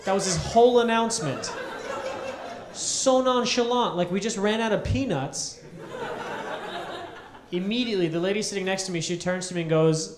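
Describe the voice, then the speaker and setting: A man performing a stand-up comedy set in a club, telling an animated story and acting out the people in it. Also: high-pitched, moderate pace, long pauses, crowd noise. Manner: animated storytelling, acts out characters. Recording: echoey club room, audience laughter.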